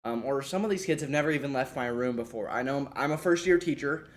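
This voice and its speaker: A man's voice: mid-range voice, quick pace. A young man, a first-year special education teacher, casually walking through a lesson plan with many fillers and restarts.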